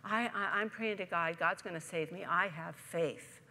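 A woman's voice: fairly low pitch, moderate pace, bright, forceful tone, big-room sound. Woman doing a stubborn drowning man. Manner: emphatic, exasperated exclamations. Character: stubborn drowning man on a rooftop, insisting on faith.

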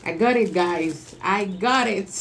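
A woman talks through an unboxing for her vlog, drawn out and slow. She gushes and says each exclamation again and again, laughing between phrases. A clear noisy hiss sits under the whole recording. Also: medium pitch, a bit bright. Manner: gushing, repeats exclamations over and over; laughs often between lines. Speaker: vlogger.

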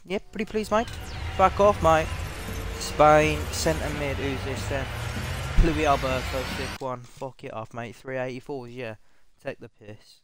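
A young man commentating over a video game pack opening, excitable and swearing freely, pleading with the game and yelping at reveals. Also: medium pitch, measured pace, over music. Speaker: gaming content creator.

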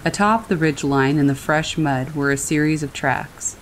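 A woman with a low voice narrates a scary story in a calm, steady manner. Soft rain falls faintly behind her throughout the reading. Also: moderate pace, a little hiss or hum, poor audio. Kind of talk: scripted narration of reader stories. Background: rain falling.

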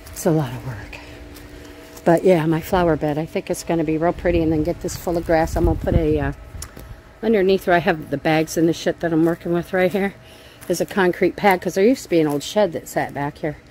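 A woman's voice: sits low, fairly quick, dark tone, a little hiss or hum. A middle-aged woman vlogging from her backyard garden on a handheld phone, talking bluntly and swearing while she vents. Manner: blunt and profane, venting angrily. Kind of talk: casual gardening vlog. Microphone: handheld phone camera.

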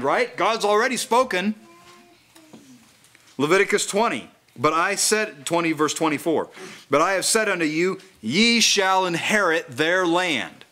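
A man preaching a sermon at a house church, slowly reading scripture aloud and then explaining it in a conversational way. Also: sits high, sharp tone.

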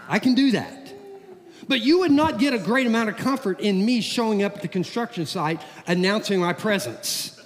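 A middle-aged man, a pastor, preaching a sermon in a church, with a folksy, animated manner and homey everyday stories. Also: sits high, moderate pace. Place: church sanctuary. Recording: long hall reverb.

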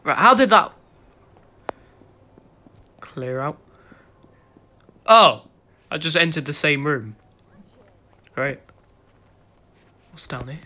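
A man narrating his own gameplay, his voice bright and full of swooping ups and downs. He speaks slowly and unhurried, mumbling to himself between excited squeals and bursts of laughter. The whole thing is casual let's play commentary. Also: on the high side. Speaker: gaming video host.

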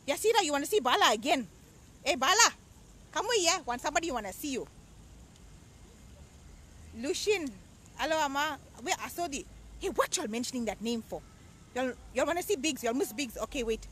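A woman playing a loud, bossy middle-aged aunty who hosts her own show, chatting and teasing, outdoors at a beach. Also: high-pitched, animated, brisk, pauses often, a little hiss or hum. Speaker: show host.

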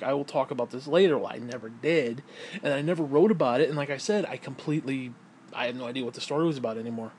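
A man with a slightly high voice rambles on in a loose, profane vlog monologue. He keeps cutting himself off and restarting. A faint hiss runs underneath. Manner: rambling, profane, self-interrupting, laughs often. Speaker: vlogger.

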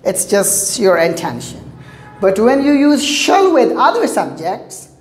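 A woman's voice: medium pitch, wildly swooping pitch, slow pace, roomy sound, faint music behind. A woman teaching an English grammar lesson, explaining patiently with lots of examples and repetition.

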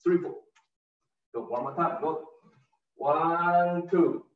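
Slow-counting tai chi teacher, man. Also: a little high. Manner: counts beats aloud, short broken phrases. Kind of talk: step-by-step movement instruction. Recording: distant roomy lo-fi recording.

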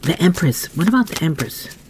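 A woman giving a casual tarot reading, musing aloud as she turns cards, often coughing and clearing her throat. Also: on the low side, warm tone, a little hiss or hum. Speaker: tarot reader.

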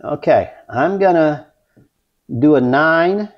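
A man vlogging his craps practice, talking viewers through each throw with excitement. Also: a little high, takes it slowly, muffled recording. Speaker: dice-control craps vlogger. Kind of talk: casual play-by-play while throwing dice.

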